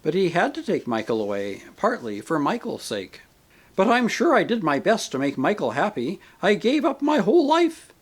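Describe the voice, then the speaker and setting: A man voicing a grieving woman ghost, a possessive mother who talks in a sharp, demanding, indignant way, for a storybook reading. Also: high voice, huge pitch swings, moderate pace, slightly rough, voice pushed up, heavily acted. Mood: indignant, aggrieved. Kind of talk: audiobook character reading.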